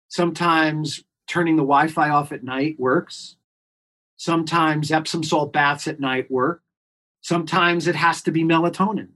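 A clinician guest in an interview, explaining earnestly and emphatically and repeating key points. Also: medium pitch. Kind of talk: expert explaining on a podcast interview.

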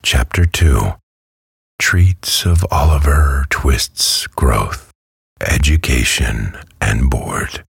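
A man narrating a classic novel as a bedtime story in a calm, soothing way. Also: rumbling low, very slow, vocal fry, slightly rough, no room sound, studio quality. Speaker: audiobook narrator.

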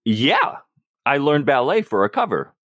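A man's voice: mid-range voice, huge pitch swings, unhurried, fairly bright tone, dry recording, studio quality, full character voice. A man playing a flustered, bashful young male spy in an improvised tabletop role-play.

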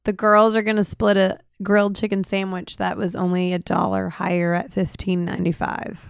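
A woman's voice: mid-range voice, flat delivery, normal speed, creaky, clear, resonant tone, no room sound. A woman co-hosting a podcast in casual chat, giving brief replies and laughing easily. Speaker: podcast co-host.

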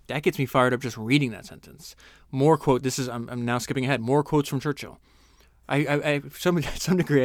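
A man hosting a podcast, reading passages from a book aloud and breaking off to comment earnestly and enthusiastically, slowing down for the key lines. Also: mid-range voice, no room sound, clean studio sound. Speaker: podcast host.

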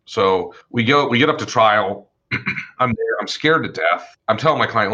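A man who works as an attorney, telling stories from his career in a casual, animated way, swearing freely and acting out the people he quotes. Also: fairly low pitch, moderate pace, lo-fi sound. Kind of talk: casual storytelling chat.

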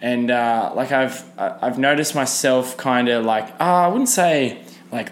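A man's voice: mid-range voice, moderate pace, a little hiss or hum. A young man, rambling casually through a solo podcast with lots of fillers and restarts. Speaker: podcast host.

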